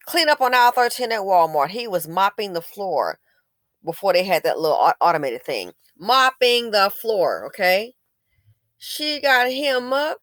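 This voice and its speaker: A fired-up woman with a bright, lively, mid-range voice delivers an impassioned commentary monologue as host of her channel, with no room sound. She's blunt and preachy, restarting and stammering often when she gets heated.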